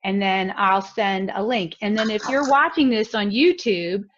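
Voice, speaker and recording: A woman hosting a webinar, giving brisk announcements with filler ums. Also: medium pitch, slight background noise. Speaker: webinar host. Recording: dull lo-fi audio.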